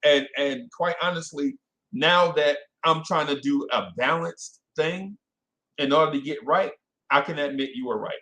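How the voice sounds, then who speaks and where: Animated New man hosting fans. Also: a little high, normal speed. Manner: animated, self-correcting, talks to chat by name. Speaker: podcast host. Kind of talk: casual live-stream chat with fans.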